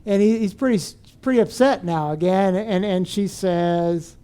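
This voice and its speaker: Mellow-voiced man telling a teaching story. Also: high voice, a little slow, few pauses. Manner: animated storyteller who asks the audience questions. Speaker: speaker on teaching and parenting. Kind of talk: storytelling talk to an audience.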